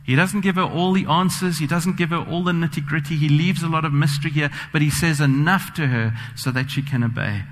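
A man's voice: fairly high pitch, brisk, hardly any pauses. A man preaching a sermon, earnest and personal, telling stories with frequent fillers. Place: church sanctuary. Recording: long church reverb.

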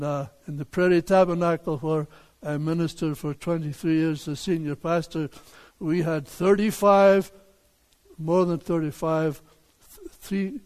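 An older man, a pastor, preaching a sermon in a deliberate, emphatic way, with rhetorical questions for the congregation. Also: on the high side, darkish tone. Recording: long hall reverb.

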